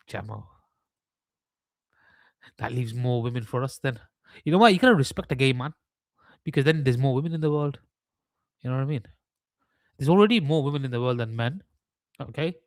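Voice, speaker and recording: A man's voice: on the high side, no echo. A young man hosting a live trading stream, mixing chart analysis with rambling, mock-serious joking rants.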